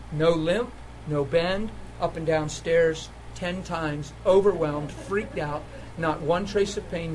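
A man preaching a sermon, telling a healing story with laughter and sudden excited jumps in his voice. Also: background noise. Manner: animated storytelling, laughing, voice jumping high when excited.

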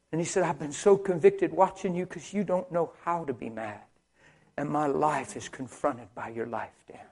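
A male preacher telling a story in a sermon, dramatic, swinging from hushed near-whispers to excited shouts. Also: on the high side.

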